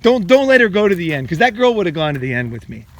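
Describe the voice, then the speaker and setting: A man's voice: sits high, big pitch swings, fast talker. A middle-aged man hosting a podcast, giving dating advice in a rambling, blunt monologue full of swearing. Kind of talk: casual monologue.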